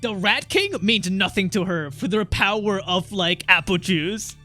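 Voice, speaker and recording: An excitable young male streamer with a high, bright voice, chatting casually as he plays and reads out on-screen text. He swears freely and gets loud when something surprises him. Faint game music runs in the background. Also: a little slow. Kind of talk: casual gameplay commentary.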